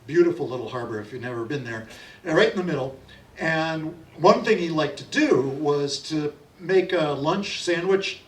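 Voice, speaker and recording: A middle-aged man telling stories and leading an audience sing-along at a library event, chatty and folksy. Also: on the high side. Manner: chatty and folksy, leads call-and-response singing. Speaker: folk singer and storyteller. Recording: roomy sound from a distant mic.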